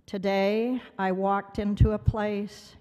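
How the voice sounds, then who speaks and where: A woman's voice: medium pitch, flat delivery, slow pace, warm tone, smooth. A woman giving a heartfelt award speech, telling a personal story dramatically and acting out the voices of others. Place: large gala banquet hall. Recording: long hall reverb from the speech venue.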